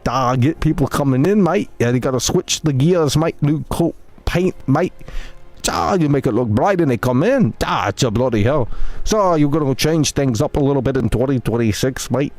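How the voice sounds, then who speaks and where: A man's voice: medium pitch, animated, normal speed, darkish tone, no echo, natural voice. A man doing an exaggerated put-on British accent as a grumbling, chummy bloke who ends every line with "mate" on a live stream. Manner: exaggerated, repeats "mate" and "bloody hell".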